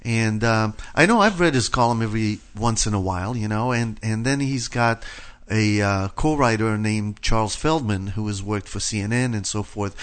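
A man's voice: lowish voice, moderate pace, few pauses, clear, resonant tone. A man hosting a morning radio show, chatting casually in a rambling, hedging way from the studio. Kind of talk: casual chat.

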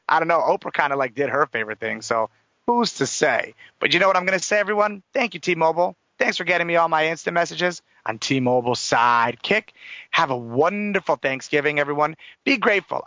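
Male radio host, chatty, high-ish voice, dry dull radio audio. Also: no room sound. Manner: energetic, chatty, plugging sponsors. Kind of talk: upbeat radio talk show hosting.

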